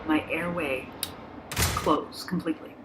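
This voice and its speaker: A woman passionately retelling a personal ordeal, slipping into other people's voices as she goes. Her voice sits a little low. A steady background noise runs under the recording. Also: slow pace. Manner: emotional, animated, acts out voices. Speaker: patient telling her story. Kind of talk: dramatic personal storytelling.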